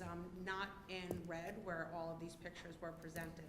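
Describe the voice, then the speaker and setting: A woman's voice: fairly low pitch, level tone, normal speed, reverberant, background noise. A woman speaking as a parent at a school board meeting's public comment, upset and indignant, near tears, her voice climbing and cracking. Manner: emotional, indignant, voice rising and cracking.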